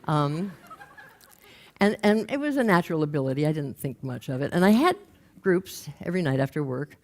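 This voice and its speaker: An older woman from Los Angeles telling a humorous story in a stage talk, lively and quoting people as she goes. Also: deep voice, normal speed. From Los Angeles, USA. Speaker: speaker. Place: stage before a live audience.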